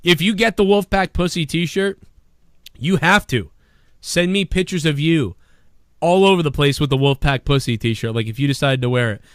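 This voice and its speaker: A man hosting a live-streamed talk show, ranting profanely and swinging between a low grumble and loud shouting. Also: normal speed, clear, resonant tone, dry recording, clean studio sound. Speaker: podcast host.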